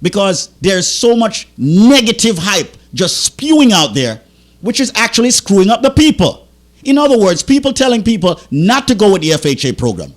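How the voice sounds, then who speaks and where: Agitated, pleading male radio host. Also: high voice. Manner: agitated, pleading, tripping over words. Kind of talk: impassioned radio sales talk. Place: radio studio.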